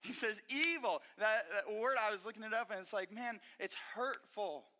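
A male pastor delivers a sermon with a high, bright, forceful voice. He preaches animatedly and emphatically, often restarting phrases. Long hall reverb from the church sanctuary surrounds him. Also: moderate pace, a little hiss or hum.

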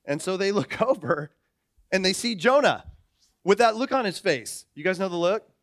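A pastor in his forties with a high, bright-edged voice preaches a sermon. He tells stories with animation and acts out their characters. The recording is dry and close, with no room sound. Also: lively intonation, normal speed, dry recording.

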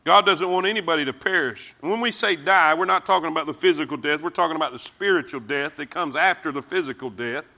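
A man's voice: on the high side, pushed and bright. A man preaching a sermon, emphatic and repetitive, leading the congregation to read verses with him. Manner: emphatic, repeats phrases, calls congregation to respond.

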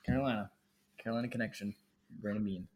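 A man's voice: fairly low pitch, fairly even intonation, fast, darkish tone, a little hiss or hum, poor audio. A man co-hosting a casual sports podcast and running the trivia, dry and teasing. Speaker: podcast co-host, trivia quizmaster.

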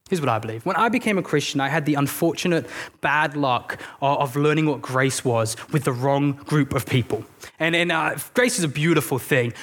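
A man's voice: a little high, fairly bright tone. A man preaching a sermon as a pastor, talking earnestly and conversationally, with storytelling, self-deprecating asides and frequent restarts. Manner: repeats words and restarts when thinking aloud.

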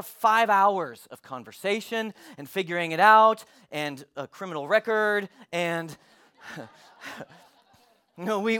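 A man preaching with a voice pitched well above the usual male range. He tells his story in an animated, emphatic way, building toward his sermon point. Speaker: pastor.

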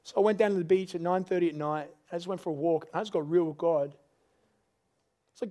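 A middle-aged man preaching a sermon as pastor, earnest and confessional, rising to loud pleading. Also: sits high, fast talker. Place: church service.

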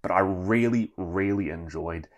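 Polite male co-reviewer, stammers and hesitates, lowish voice. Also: a little slow, lo-fi sound. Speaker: film reviewer. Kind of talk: comedic review chat.

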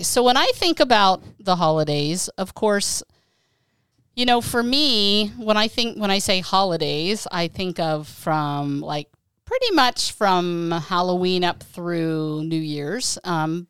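A woman's voice: medium pitch, big pitch swings, measured pace, fairly bright tone, clean tone, no room sound. A middle-aged woman co-hosting a family podcast, chatting casually and laughing often. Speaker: podcast co-host. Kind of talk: casual chat.

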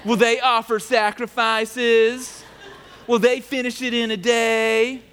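A man's voice: very high-pitched, level tone, slow, fairly bright tone, smooth, pitched above the performer's own voice, exaggerated voice. A man voicing a scornful ancient male governor who mocks his rivals in a jeering, sarcastic tone, within a sermon. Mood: mocking.

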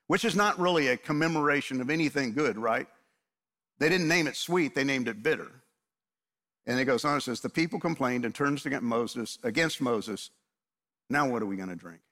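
A man's voice: on the high side, moderate pace, sharp tone. A man in his fifties, a pastor preaching a sermon, earnest and asking the congregation rhetorical questions.

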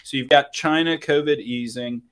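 A man co-hosting a casual podcast, joking and telling stories with animated energy. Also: mid-range voice, moderate pace, a little hiss or hum. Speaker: podcast co-host. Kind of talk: casual chat.

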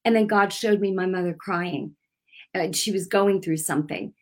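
A woman's voice: fairly low pitch, moderate pace. Earnest woman preaching without notes. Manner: earnest, conversational, with restarts; unscripted, speaking without notes. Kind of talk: informal sermon.

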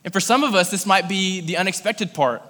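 A Kentucky pastor preaches a sermon in a high, brisk voice that sounds pushed and bright, with a long reverb tail. His style is casual and conversational, storytelling loaded with fillers, and it turns intense and pleading during the prayerful passages.

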